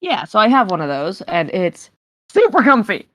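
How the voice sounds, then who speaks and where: A woman who plays tabletop games chats casually on stream, rambling loosely with frequent fillers, laughs, and free swearing. Her mid-range voice has a sing-song quality and a moderate pace. The close, dry mic gives no echo.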